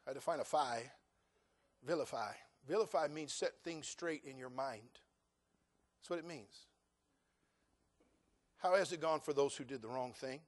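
A middle-aged male pastor preaching a sermon, folksy and joking, acting out dialogue and rising to loud, fervent passages. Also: mid-range voice. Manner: animated preaching, acts out dialogue, rises to loud fervent climaxes.

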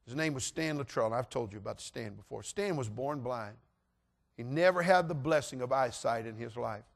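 A middle-aged man preaching, telling a story and acting out voices with animated delivery. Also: medium pitch, moderate pace, vocal fry. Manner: animated, acts out voices in anecdotes. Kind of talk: sermon storytelling.

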